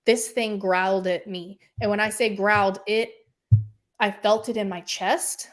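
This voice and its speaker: A woman telling a personal story in casual, animated talk, often saying "like" and acting out what people said. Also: mid-range voice, measured pace. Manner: animated, acts out quoted voices. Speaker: podcast host appearing as guest.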